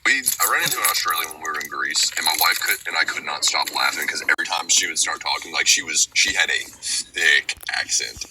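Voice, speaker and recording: A man telling a funny story in casual chat, animated and swearing freely. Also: a bass voice, fairly quick. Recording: clear background noise.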